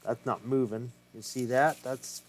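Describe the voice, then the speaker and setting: A man talks slowly and loosely while he works on an old game cartridge. He thinks out loud in a casual, unpolished way and swears freely. His voice sits at an ordinary middle pitch. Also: fairly even intonation. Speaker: retro game collector. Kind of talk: casual hands-on repair vlog.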